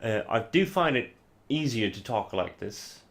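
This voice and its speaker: A man's voice: mid-range voice, animated, a little slow, a bit bright. A man whose first language is Icelandic chats casually while streaming a game, rambling with lots of fillers and restarts. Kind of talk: casual gameplay chat.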